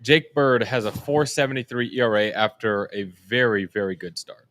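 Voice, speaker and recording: A man's voice: mid-range voice, normal speed, fairly bright tone. A young man on a casual live stream, reading out news updates in a matter-of-fact way.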